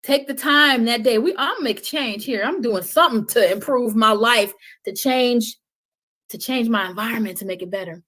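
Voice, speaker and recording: Impassioned woman with a fairly high voice. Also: moderate pace, low-quality recording. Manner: impassioned, preaching cadence, swings from loud to hushed. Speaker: guest. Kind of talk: passionate podcast talk.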